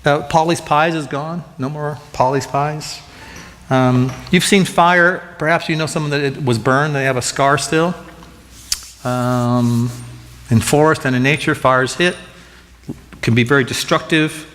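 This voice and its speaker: Excitable high-voiced preacher in a reverberant hall. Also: male voice, measured pace. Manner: animated, conversational preaching with many restarts. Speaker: pastor. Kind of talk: sermon.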